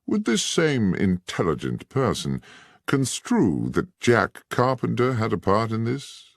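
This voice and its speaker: A male narrator voicing Sherlock Holmes as a keen, incisive detective who questions in a crisp, measured way. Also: on the low side, huge pitch swings, no echo, clean studio sound, pitched above the performer's own voice, exaggerated voice. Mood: firm.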